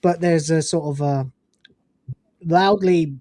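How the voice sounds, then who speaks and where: A low-voiced English woman co-hosting a live stream, reading news and then giving her own blunt, profane opinions with bursts of laughter. Her voice sounds dry and close, with no room around it. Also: slow pace, mellow, dry recording. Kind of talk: casual chat with reading of news items.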